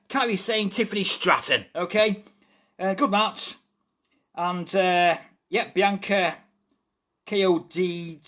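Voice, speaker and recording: Excitable man, bright and lively. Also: high voice. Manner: chatty and excitable, addresses viewers as guys. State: feverish. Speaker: live stream host. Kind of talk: casual wrestling news chat.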